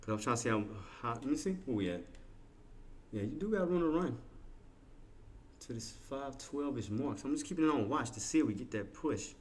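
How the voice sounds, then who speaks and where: A man's voice: mid-range voice, animated, brisk, pauses often, slight background noise. A man streaming his live trades, thinking aloud in casual slangy talk and chatting with his viewers. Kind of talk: live trading commentary.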